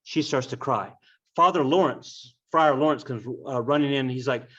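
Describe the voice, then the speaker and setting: A man's voice: medium pitch, steady tone, moderate pace, a bit bright. A man casually retelling a classic tragedy with wry, offhand asides. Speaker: storyteller. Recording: dull lo-fi recording.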